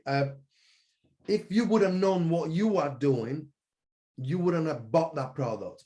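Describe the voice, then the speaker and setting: A man, an online business coach giving an energetic, passionate sales pitch for his course, often correcting himself as he goes.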